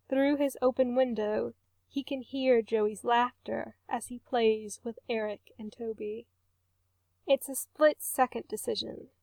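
Slow, gravelly woman reading a story. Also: a little high, no echo. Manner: soft, measured, emotive narration. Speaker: narrator.

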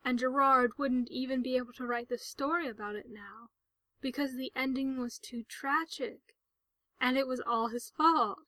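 A woman narrating a story in a soft, gentle, half-whispered voice. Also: high-pitched, steady tone, moderate pace, no room sound, rough recording.

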